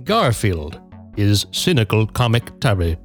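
A man hosting a podcast, reading a prepared story in a measured, dry way that builds to punchlines. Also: lowish voice, sing-song, faint music behind. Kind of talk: scripted narration with casual banter.

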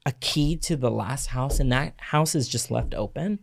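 A man's voice: medium pitch, normal speed, gravelly. A man co-hosting a casual podcast, blunt and profane, who mocks people by putting on their voices. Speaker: podcast co-host, realtor.

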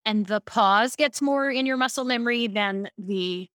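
A woman from Baltimore, a speaking coach, telling lively stories as a podcast guest. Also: fairly high pitch, normal speed, clean tone, no room sound, studio quality. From Baltimore, USA. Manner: lively storyteller, animated asides. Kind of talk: casual podcast interview.

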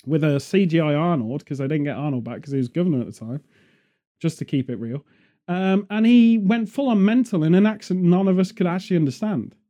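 A man's voice: fairly high pitch, lively intonation, brisk, warm tone. A man chatting casually outdoors in a field, rambling off on jokey tangents. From England. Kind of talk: casual chat.

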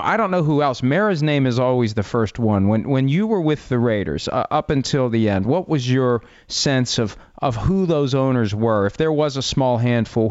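A man's voice: mid-range voice, darkish tone, smooth, no echo, muffled recording. A man hosting an interview, asking questions in a conversational, wry way. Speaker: sports radio host.

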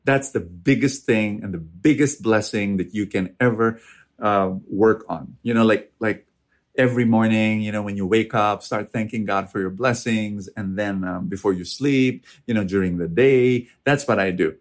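A man's voice: on the low side, normal speed. A man giving a conversational faith talk, earnest and emphatic, often repeating words as he stresses a point. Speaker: preacher answering audience questions.

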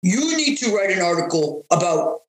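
A woman's voice: fairly low pitch, very animated, normal speed. A woman voicing a blunt male doctor with a put-on Russian accent, speaking in short clipped phrases. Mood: insistent. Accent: mock Russian. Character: blunt older male doctor giving advice. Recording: roomy echo.

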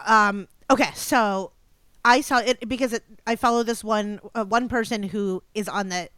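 A woman co-hosting a podcast in casual chat, chatty, opinionated and quick to laugh. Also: mid-range voice, steady tone, sharp tone, clear, resonant tone, no echo. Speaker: podcast co-host.

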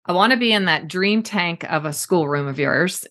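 A woman hosting a casual conversational interview, talking in an animated, emphatic way with quick asides. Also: on the low side. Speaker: podcast host.

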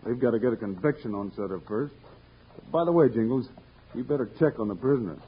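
A calm, firm frontier marshal. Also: male voice, medium pitch, fast, husky, highs cut off. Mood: steady. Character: steady, level-headed frontier marshal hero. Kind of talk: 1950s radio western acting. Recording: hissy 1950s radio broadcast.

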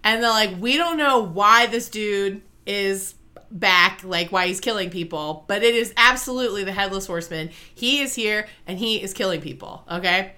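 A young adult woman casually retelling a movie plot to a co-host, talking in an animated way, full of "like" and "okay?". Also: medium pitch, moderate pace. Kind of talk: casual chat.

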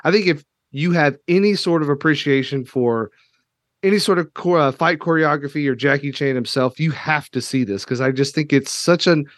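A podcast host from Kentucky in casual chat, animated and emotional, swearing casually. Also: male voice, fairly high pitch, moderate pace, no room sound, studio quality.

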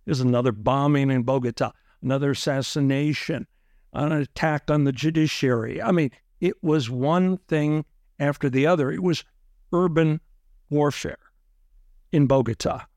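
Male interviewee, a lawyer recounting events, animated and dramatic, raised pitch, dead-dry recording. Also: normal speed, dry recording. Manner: animated, acts out other people's lines. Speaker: lawyer recounting his own case. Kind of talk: interview storytelling.

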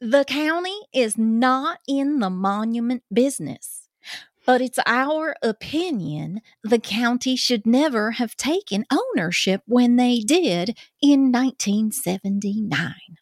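A woman's voice: on the high side, lively intonation, slow, dry recording, clean studio sound. A woman voicing a Southern county official with a put-on country accent, in a podcast chat. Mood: folksy. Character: Southern county official, man, folksy drawl.

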